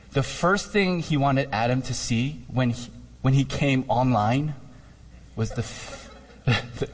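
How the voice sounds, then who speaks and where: A fairly high-voiced man delivers a sermon in an easy, conversational way, full of fillers and emphatic asides. His voice rings out with a long reverb, as in a large church sanctuary. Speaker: pastor. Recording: reverberant hall.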